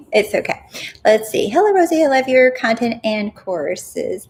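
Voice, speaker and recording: A young adult woman hosting a casual live Q&A as a manifestation coach, chatty and animated, often laughing at herself and checking in with "right?". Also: high voice, a little slow.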